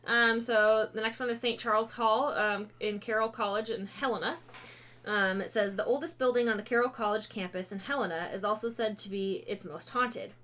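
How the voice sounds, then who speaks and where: A woman of ordinary pitch hosts a relaxed podcast chat. She reads ghost lore aloud in an easygoing way, stumbling over words, correcting herself and scattering ums through the text. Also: moderate pace. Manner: reads aloud with many fillers and self-corrections, breaks off to laugh and joke. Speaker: podcast host. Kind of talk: casual chat, reading ghost stories aloud.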